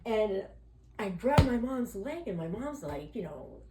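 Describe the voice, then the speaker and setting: A woman's voice: medium pitch, big pitch swings, a little slow, background noise. A woman guest on a podcast interview telling her own story in a candid, rambling way, full of "you know" and "like," and often acting out the voices of people she quotes. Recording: roomy echo.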